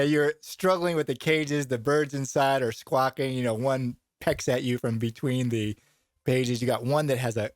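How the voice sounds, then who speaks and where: A man's voice: medium pitch, a little mellow, dry recording. Laid-back man narrating a tabletop game. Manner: loose, rambling, laughs often. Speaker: game master.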